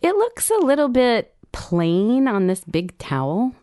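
A woman's voice: a little high, big pitch swings, unhurried, warm tone, no echo, studio quality, pitched above the performer's own voice. A woman voicing an earnest, opinionated little girl who talks bluntly and matter-of-factly. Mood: earnest critique.

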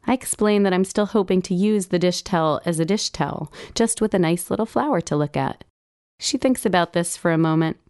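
Woman reading her own blog post, low smooth voice, wry little jokes, dry close mic. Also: a little fast, dry recording. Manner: wry, gently humorous storytelling. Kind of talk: reading a personal essay aloud.

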